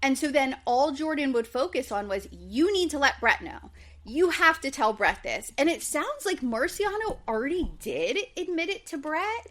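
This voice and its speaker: Podcast co-host, woman, chatty recap voice, lively up-and-down pitch, a bit high. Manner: chatty, quotes people in lively voices, says like and um a lot. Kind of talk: casual recap chat.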